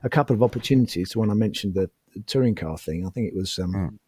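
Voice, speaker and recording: A man's voice: fairly low pitch, fast talker, breathy edge, dry recording, studio quality. A middle-aged man, telling anecdotes as a podcast guest and acting out the quotes. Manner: animated anecdotes with acted-out quotes. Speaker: podcast guest, former racing driver. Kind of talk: casual storytelling chat.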